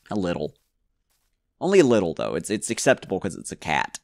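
A man's voice: low voice, huge pitch swings, brisk, vocal fry, a little mellow, no echo, studio quality. A man giving casual gameplay commentary, rambling and joking to himself with frequent stumbles. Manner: rambling, jokey self-talk with stumbles. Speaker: gamer.

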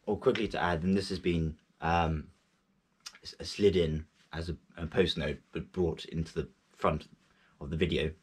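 A man talking casually to camera about a poem, halting often with fillers and restarts, and reciting it in French with an English speaker's accent. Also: deep voice, steady tone, slightly rough. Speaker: language learner reciting poetry.

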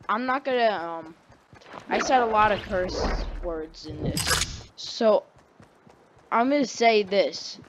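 Teen boy, unhurried rambling story time, lots of "um" and restarts, noisy recording. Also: sits high, lively intonation, fairly bright tone, dull audio. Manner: rambling, full of fillers and self-corrections.

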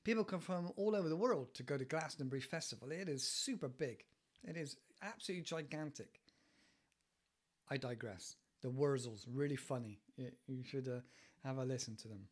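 Speaking at medium pitch and a fairly quick pace, this podcast host and English teacher from England's West Country chats his way through idiom explanations, drifting off topic and laughing a lot.

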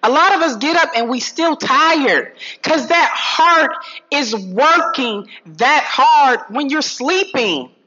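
A woman giving a lively health talk to an audience, swinging from low asides to loud calls. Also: slow. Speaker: health speaker addressing an audience. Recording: dull lo-fi sound.

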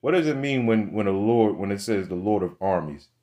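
A man's voice: on the low side, animated, fairly quick, dark tone. A young man preaching a blunt, fiery monologue, cursing often and tagging his lines with "man" and "right?". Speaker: religious speaker.

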